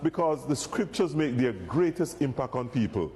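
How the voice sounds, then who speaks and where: A Jamaican reverend speaking earnestly in an interview and reading scripture. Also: male voice, medium pitch, very animated, moderate pace, a little mellow. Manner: earnest, explanatory.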